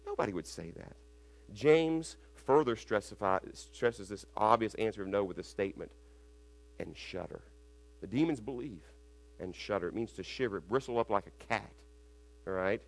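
A man's voice: on the low side, animated, moderate pace. Emphatic male preacher, mains hum. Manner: builds to loud emphatic climaxes when reciting scripture; restarts and stumbles over words. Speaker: pastor. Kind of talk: expository sermon.

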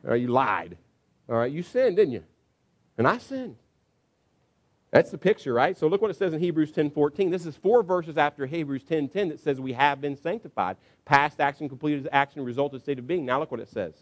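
A middle-aged man preaching a sermon, telling stories in a conversational way and checking in with the congregation with frequent asides. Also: fairly quick. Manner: acts out quotes with sudden high excited pitch. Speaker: pastor.

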